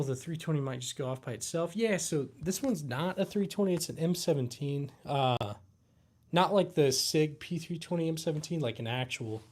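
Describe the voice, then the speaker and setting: A man hosting a live Q&A stream, sounding tired and yawning between thoughts. His talk is laid-back and halting, full of fillers and restarts. His voice sits at an ordinary middle pitch. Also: darkish tone. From United States. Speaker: livestream host.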